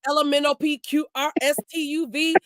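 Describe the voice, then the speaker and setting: A woman's voice: sits high, flat delivery, moderate pace, no room sound, clean studio sound. A woman hosting a faith-based program, teasing her guests and breaking into laughter. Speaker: host. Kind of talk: playful chat with guests.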